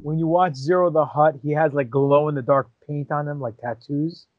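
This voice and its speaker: Higher-voiced fan on a dull lo-fi mic. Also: male voice, steady tone, moderate pace, no echo. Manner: enthusiastic fan, profane, laughs often. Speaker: podcast co-host. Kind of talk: casual podcast banter.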